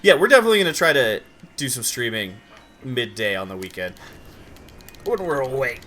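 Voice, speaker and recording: A sleepy young man from Idaho chatting casually on a live stream while gaming, rambling with quick outbursts. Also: mid-range voice, sing-song, pushed and bright, soft background music. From Idaho, USA.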